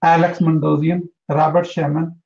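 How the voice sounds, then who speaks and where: Earnest high-voiced man giving advice. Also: little pitch movement, moderate pace, darkish tone, dull audio. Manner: earnest, emphatic, repeats for emphasis. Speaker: interview guest, entrepreneur. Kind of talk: motivational interview talk.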